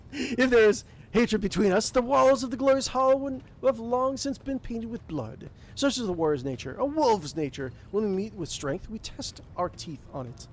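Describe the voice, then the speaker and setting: A man voicing a boisterous veteran male space-wolf warrior leader in a loud, mock-old-world accent. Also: very high voice, lively intonation, moderate pace, pitched above the performer's own voice, full character voice. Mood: boastful.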